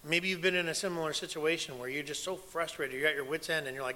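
A man preaching with a bright, forceful voice that sits a little high for a man. He tells his stories with emphasis, dropping to a hush and then pushing back up. The delivery is that of a pastor working a sermon. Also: fast talker, few pauses. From United States. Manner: emphatic storytelling, dropping to a hush and rising loud. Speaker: pastor and former missionary.

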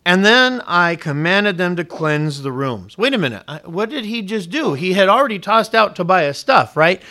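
Here a pastor's voice sits high and sing-song, with a sharp tone at a normal speed. Delivering his sermon, he leans heavily on key words, lets his emphasis climb, and fires direct questions at the congregation.

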